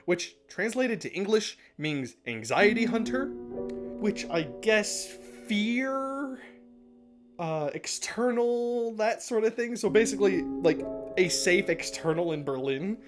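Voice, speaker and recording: A man's voice: high voice, lively intonation, slow. A man recapping and commenting in a casual, chatty way, laughing often and swearing now and then. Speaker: podcast-style episode analyst. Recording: music playing underneath.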